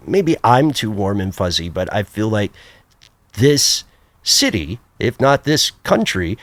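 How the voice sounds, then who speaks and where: A middle-aged man telling a personal travel story on a podcast, lively and self-mocking, jumping high in pitch when he quotes people. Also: takes it slowly, no room sound. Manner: animated, jumps high for quoted voices. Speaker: podcast guest. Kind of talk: casual storytelling.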